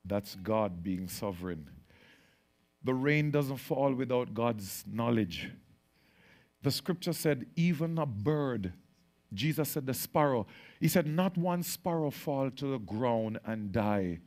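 A man preaching a sermon as pastor, swinging from quiet drawn-out lines to loud excited bursts. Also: mid-range voice.

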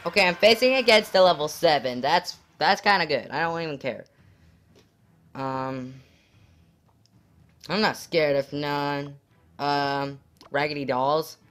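A gaming channel host giving live commentary on a mobile match, shouting at the game and chatting to viewers with many fillers. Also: mid-range voice, measured pace, long pauses, faint music behind. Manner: excitable, yells at the game.

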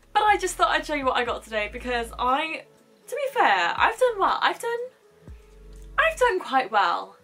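Young woman, upbeat vlogger chat, gushing, crisp bright tone, faint music underneath. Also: fairly high pitch. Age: young adult. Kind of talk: casual shopping haul chat.

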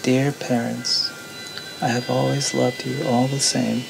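A man's voice: a little high, flat delivery, normal speed, vocal fry, background noise. A man voicing a desperate young son who speaks in a strained, pleading way, with music underneath.

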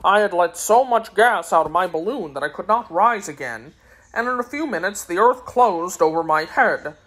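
A woman's voice: fairly low pitch, expressive, moderate pace, a bit bright. A woman voicing a cheerful, boastful little old wizard who works at a circus, talking in a jaunty, breezy way.

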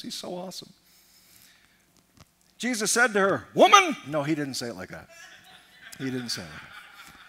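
Male pastor, high bright tone, emphatic sermon delivery with dramatic quiet-loud swings. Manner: acts out quoted lines in changed voices.

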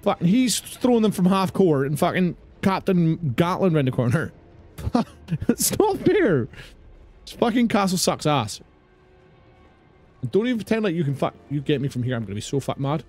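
A man's voice: on the high side, very animated, fairly quick, a little mellow, soft background music. A man with a British accent doing live gameplay commentary, swearing and ranting at the game in exasperation. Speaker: streamer.

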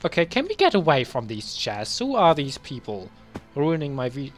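A young man talking casually while reviewing his old game bans. He mutters asides to himself and then bursts into loud, exasperated ranting. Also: on the high side, sing-song, moderate pace, gravelly, faint music behind. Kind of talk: casual screen-recorded commentary.

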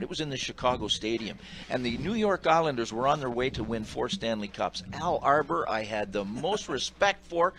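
An older man, a retired hockey referee, telling animated stories on a sports radio panel. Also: fairly high pitch, poor audio. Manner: animated anecdotes with acted quotes.

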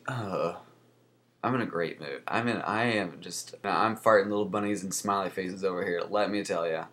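A young man with a fairly low voice talks through a sick-day vlog. He sounds congested and short of breath, and he coughs. His delivery is sarcastic and rambling, with sudden leaps upward in pitch. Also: moderate pace, a bit bright. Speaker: vlogger.

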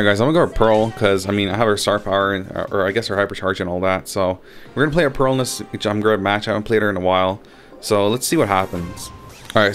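A young man giving casual gameplay commentary, swearing freely and getting loudly frustrated. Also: lowish voice. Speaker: gaming channel host.

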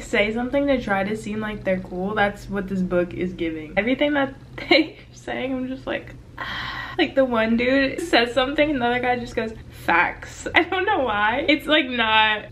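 A woman's voice: a little high, a little hiss or hum. Chatty young woman book vlogger. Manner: chatty, frank, exasperated. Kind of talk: casual reading vlog.

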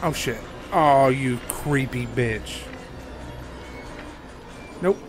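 A man's voice: medium pitch, extremely slow, music in the background. A man commentating his horror game play, jumpy and profane, with panicky outbursts and out of breath at times. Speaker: gaming YouTuber.

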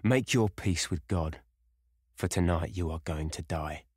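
A deep-voiced man doing a gruff, vengeful sailor. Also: a little slow, darkish tone, no echo, clean studio sound. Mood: menacing. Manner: gruff, growling, threatening. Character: short thick-set man, vengeful sailor brother.

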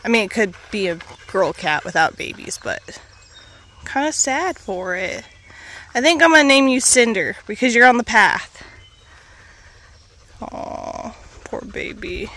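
A woman's voice: medium pitch, animated, normal speed, bright, forceful tone. Chatty woman vlogging on a walk. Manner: chatty, rambling, talks to her dog. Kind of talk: casual walking vlog. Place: outdoor trail.

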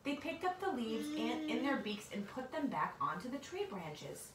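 Expressive woman reading a picture book aloud. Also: fairly high pitch, moderate pace. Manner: expressive, with asides to a child. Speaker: storybook reader. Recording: echoey room, far from mic, audible noise.

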